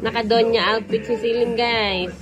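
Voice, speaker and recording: Woman, Filipino accent, mother, playful family vlog chatter, high voice, music behind. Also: fairly even intonation, moderate pace. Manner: playful, mixing English and Tagalog phrases. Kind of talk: casual family vlog commentary.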